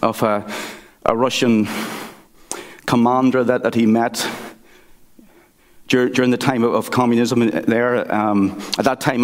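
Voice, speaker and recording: A man preaching a sermon from the pulpit, earnest and halting, often restarting his sentences. His voice sits at an ordinary middle pitch. The long reverb of a church sanctuary trails after each phrase. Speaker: pastor.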